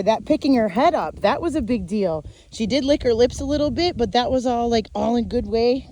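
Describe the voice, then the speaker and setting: A woman's voice: fairly high pitch, fairly quick, few pauses, mellow, a little hiss or hum. A woman dog trainer walking a dog outdoors, explaining each step of her method to viewers and stopping to praise the dog. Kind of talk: instructional demonstration while walking a dog.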